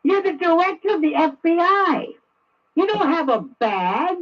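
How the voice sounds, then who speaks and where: A man's voice: very high voice, sing-song, a little slow. A man giving a sarcastic, ranting talk radio monologue. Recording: muffled radio broadcast, distant.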